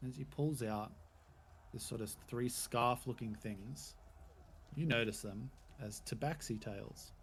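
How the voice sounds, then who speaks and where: A man's voice: mid-range voice, measured pace, creaky, slight background noise. A man narrating as game master, with loose, rambling descriptions full of hedging fillers.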